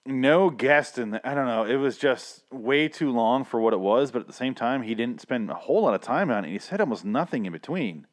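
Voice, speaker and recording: A man co-hosting a podcast in a casual, profane chat, rambling and laughing often, his throat irritated so he keeps clearing it. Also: mid-range voice, lively intonation, brisk, few pauses. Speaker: podcast co-host reviewing other podcasts.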